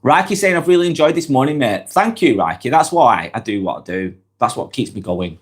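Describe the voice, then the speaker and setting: Nursing a cold, a man with a Lancashire accent from northwest England hosts a live stream, his pitch rising and falling a lot. He reads out viewer comments and answers them chattily and directly, with lively intonation and a slightly quick pace.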